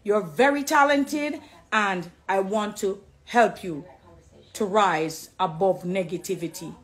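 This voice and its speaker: A middle-aged woman with a Jamaican accent, talking to camera in an animated, preachy, affectionate way, slipping into patois. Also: mid-range voice, slow pace. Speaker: dancehall artist. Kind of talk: casual direct-to-camera talk.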